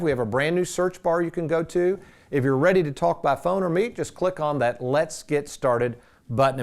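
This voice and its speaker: Male host, emphatic and folksy, a touch high-pitched, talking viewers through money costs. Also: a little mellow. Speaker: financial advisor and show host. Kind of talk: presenting a money show to viewers.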